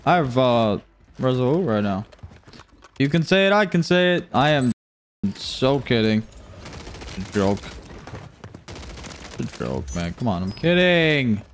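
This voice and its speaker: A man streaming live gameplay, joking around, swearing casually and breaking into whooping shouts. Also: medium pitch, very animated, measured pace, long pauses, a little hiss or hum. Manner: swears casually, talks to chat. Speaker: gaming streamer.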